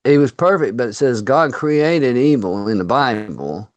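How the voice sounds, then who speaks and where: A man's voice: mid-range voice, lively intonation, measured pace, no room sound. A man hosting a casual chat from a home under renovation, rambling along with frequent fillers and laughs. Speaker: host.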